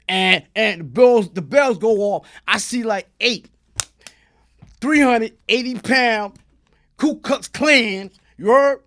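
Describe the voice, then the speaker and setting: A middle-aged man, telling a story as a guest in a casual interview. His voice sits high, and he talks in animated street slang. He breaks into loud shouts. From New York.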